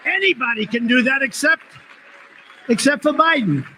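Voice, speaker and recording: A man's voice: very high-pitched, animated, moderate pace, pushed and bright, slight background noise. A man giving a rambling, off-the-cuff political speech at a conference, full of sarcasm and digressions.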